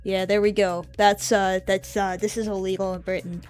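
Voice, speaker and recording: A woman's voice: mid-range voice, little pitch movement, normal speed, darkish tone, faint music behind. Rambling woman streamer, offhand chat. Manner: rambling, offhand, drifting asides. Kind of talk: casual live-stream chat.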